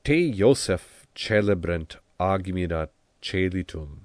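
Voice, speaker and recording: A man singing a Gregorian chant melody on his own, slow and unaccompanied. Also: low voice, dry recording.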